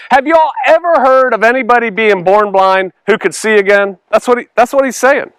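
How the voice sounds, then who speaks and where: A man's voice: very high-pitched, animated, moderate pace, a bit bright, smooth, dry recording. A male pastor teaching through a Bible passage in a conversational way, acting out the dialogue with sarcastic voices and laughter.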